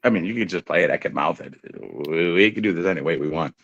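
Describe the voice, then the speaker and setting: A man's voice: sits low, fast, fairly bright tone, dull audio. A man who is a guest on a casual livestream podcast, cracking crude jokes and teasing the host. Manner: joking, teasing, crude humor. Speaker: guest band member.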